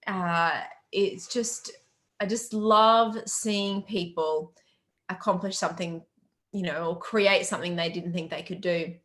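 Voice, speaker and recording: An upbeat middle-aged Australian woman hosting a live question-and-answer stream, chatting freely and greeting viewers by name. She talks like a business coach, warm with encouragement and quick to laugh. The sound is that of a laptop mic on a video call. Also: lowish voice. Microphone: webcam or laptop mic on a video call.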